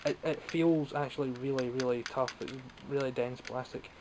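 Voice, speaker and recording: A man's voice: medium pitch, fairly even intonation, moderate pace, noisy background. Rambling Scottish man showing toys. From Scotland. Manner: chatty, rambling, self-mocking. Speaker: toy collector vlogger. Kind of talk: casual show-and-tell vlog.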